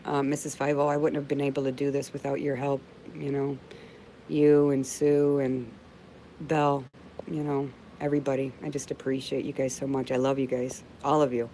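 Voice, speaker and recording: Reading out viewer comments on her livestream, a middle-aged host chats casually and responds with heartfelt warmth, addressing people as babe. She has a bass voice with a flat delivery at a moderate pace. The recording is low quality, with slight background noise.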